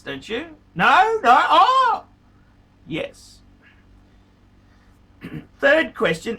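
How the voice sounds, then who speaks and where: Ranting vlogger, male: furious, foul-mouthed, pitch leaping all over, bright edge to the voice. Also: distant mic. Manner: furious, swearing, repeats insults. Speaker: watch vlogger. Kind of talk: angry profane rant to camera.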